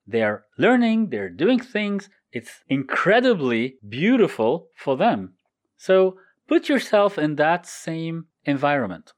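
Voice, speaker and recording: Lively, expressive male motivational speaker. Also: on the high side, slow. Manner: animated, explains step by step and repeats key lists. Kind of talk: motivational talk.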